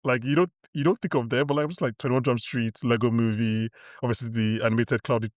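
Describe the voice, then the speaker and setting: A man's voice: medium pitch, steady tone, fairly quick, hardly any pauses, dry recording, studio quality. Rambling male podcast host. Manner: rambling, filler-heavy, laughing. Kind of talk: casual chat.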